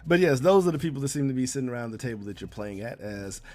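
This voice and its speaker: A man's voice: mid-range voice, lively intonation, fast talker, a little mellow. A man narrating a tabletop game as game master, casual and laughing, with many fillers.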